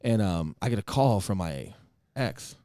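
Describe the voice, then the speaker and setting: Guy hosting a podcast, swinging his pitch up and down a lot while he tells a story, dry close sound. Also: measured pace, dry recording. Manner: animated, laughs often, swears casually. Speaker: podcast host. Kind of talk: casual storytelling chat.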